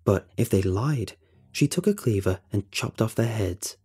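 A man voicing an excitable, teasing older boy who tells a spooky tale with rising eagerness. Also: on the low side, unhurried, slightly rough. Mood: eager. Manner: animated, raised and eager.

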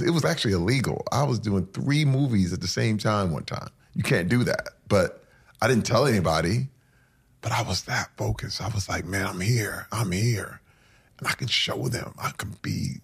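A man's voice: medium pitch, vocal fry, husky. A man being interviewed who speaks candidly and earnestly, telling heartfelt stories about his life. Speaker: interview guest.

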